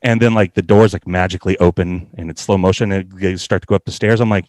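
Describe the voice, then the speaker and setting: A man's voice: low-pitched, steady tone, fast talker, a little mellow, no room sound. A man in his thirties telling a funny story in a loose, casual way, swearing and laughing often.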